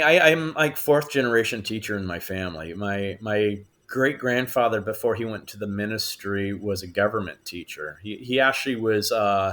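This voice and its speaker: The actor and voice actor speaks in a lowish, slightly bright voice as a podcast guest. He tells animated stories in conversation, laughing often and mimicking the voices he quotes.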